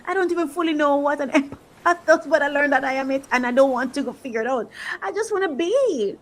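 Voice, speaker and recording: A woman's voice: sits high, animated, brisk, low-quality recording. A woman coach giving an emotional, motivational faith talk, repeating phrases for emphasis. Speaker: faith-based life coach.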